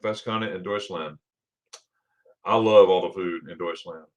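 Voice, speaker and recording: A man's voice: low-pitched, a little slow, highs cut off. A middle-aged man from Florida hosting a casual livestream, chatting with viewers and reading their comments aloud, laughing often. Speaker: livestream host.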